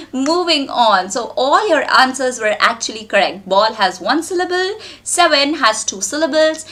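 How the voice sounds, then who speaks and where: A woman's voice: sits high, sharp tone. A young Indian woman teaching children in a live online English lesson, cheerful and full of praise for her students.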